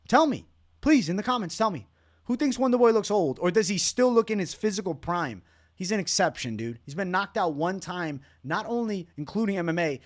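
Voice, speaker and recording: A man hosting a solo fight breakdown, talking in a brash, excitable way full of slang and swearing. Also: fairly high pitch. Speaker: MMA betting analyst host.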